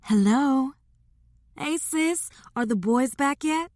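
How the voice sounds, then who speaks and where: A woman's voice: sits high, takes it slowly, a little mellow, no echo, voice pushed up. Young single mom, teasing her sister, firm with her boys, woman reader doing her, dry close sound. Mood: plain. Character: young single mother, warm but guarded.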